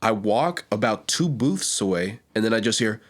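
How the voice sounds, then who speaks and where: A man co-hosting a podcast in casual chat, telling a lively story and acting out the people in it. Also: fairly low pitch, normal speed. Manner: animated storyteller, acts out quotes with loud yelps. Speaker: podcast co-host; restaurant server.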